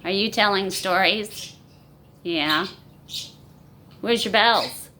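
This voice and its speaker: Woman, pet owner, coaxing baby talk, slow, bright tone, phone recording at home. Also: medium pitch, a little hiss or hum. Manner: coaxing, sing-song baby talk to animals. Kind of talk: talking to pets. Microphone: phone camera.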